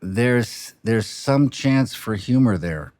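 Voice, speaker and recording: A film director speaking reflectively, with a halting manner of trailing off and restarting mid-sentence. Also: male voice, mid-range voice, expressive, background noise. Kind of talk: reflective interview talk.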